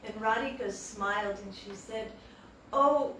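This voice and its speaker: A woman's voice: on the high side, normal speed, a little hiss or hum. Woman telling a devotional tale in an echoey hall. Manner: animated, acts out quotes. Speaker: devotional storyteller. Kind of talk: devotional storytelling talk. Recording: echoey hall, distant mic.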